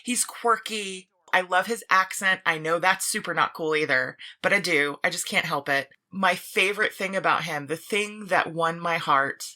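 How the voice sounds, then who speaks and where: A woman's voice: on the low side, moderate pace, few pauses, sharp tone. A woman co-hosting a podcast, chatting casually in a playful, self-deprecating way. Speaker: podcast co-host. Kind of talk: casual chat.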